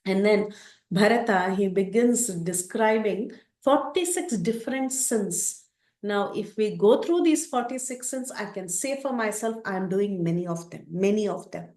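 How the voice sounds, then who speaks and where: Expressive woman teaching a scripture story. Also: mid-range voice, measured pace. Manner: expressive, acts out the characters. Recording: roomy echo.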